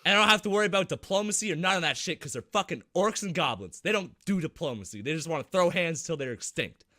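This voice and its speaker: A man's voice: on the high side, animated, quick pace, pushed and bright. A man co-hosting a gaming podcast in casual chat, telling game stories animatedly, acting out moments and swearing freely. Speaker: podcast co-host.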